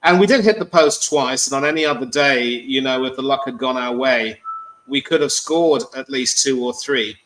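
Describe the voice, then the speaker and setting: A man calling into a football show, speaking in a measured, wordy way with lots of ums. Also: medium pitch, fairly bright tone, a little hiss or hum, low-quality recording. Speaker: caller. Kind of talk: articulate casual chat.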